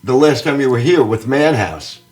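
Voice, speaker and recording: Lively New York man hosting a chat. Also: medium pitch, moderate pace, crowd noise. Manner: lively, laughs often. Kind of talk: casual chat.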